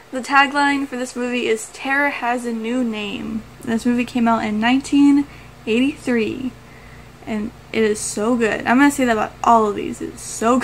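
A woman's voice: fairly high pitch, a little hiss or hum, poor audio. A woman vlogger chatting casually and enthusiastically, gushing and laughing often. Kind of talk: casual movie-review chat.

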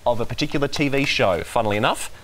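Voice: medium pitch, fast talker. A quiz show host with a jokey, playful manner who laughs at their own lines. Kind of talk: hosting a pop-culture quiz. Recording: music playing behind the voice.

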